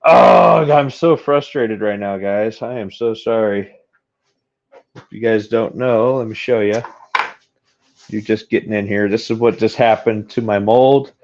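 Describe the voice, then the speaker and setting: A man chats slowly to his stream viewers while he works on a metal pour, venting frustration and laughing at himself. His voice sits low. The sound is dull and lo-fi. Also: fairly even intonation, a little mellow, slight background noise. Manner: frustrated, self-deprecating, talks to chat. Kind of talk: live-stream chat while casting metal.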